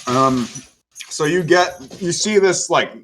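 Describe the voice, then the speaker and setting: A man playing a tabletop game, describing his character's actions in a deliberate, descriptive way. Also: fairly high pitch, lively intonation, fairly bright tone, a little hiss or hum, poor audio. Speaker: player.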